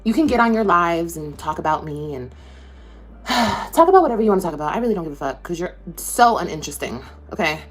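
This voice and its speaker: A woman's voice: fairly low pitch, expressive, fast, soft background music. A woman social media creator ranting to camera, confrontational, sarcastic and profane.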